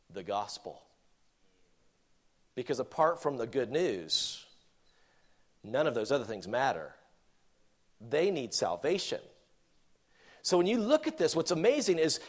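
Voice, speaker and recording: Middle-aged male preacher with a high voice, animated and questioning from the pulpit. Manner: animated, rhetorical questions, laughs often. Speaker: pastor. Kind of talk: sermon.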